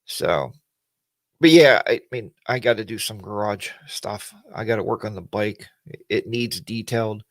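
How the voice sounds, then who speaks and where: A man's voice: on the low side, moderate pace, no room sound. A man hosting a casual weekly livestream chat, rambling in a folksy way and greeting viewers by name.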